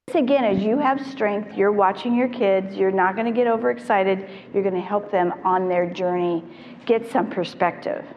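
A middle-aged woman, a child therapist, telling stories to parents in an animated way and acting out the voices she quotes. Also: medium pitch. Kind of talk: storytelling talk to parents. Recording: reverberant hall, dull lo-fi sound, faint noise.

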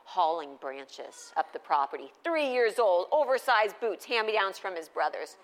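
A middle-aged woman giving a humorous storytelling talk at a faith gathering, lively and conversational, often asking the audience questions. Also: lowish voice, moderate pace, long reverb tail.

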